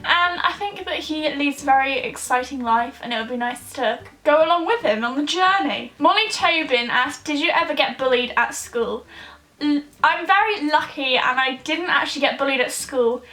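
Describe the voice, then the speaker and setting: A woman's voice: sits high, moderate pace, sharp tone, poor audio. A young woman chatting casually in a vlog, reading out viewers' questions and answering them in an upbeat way. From United Kingdom.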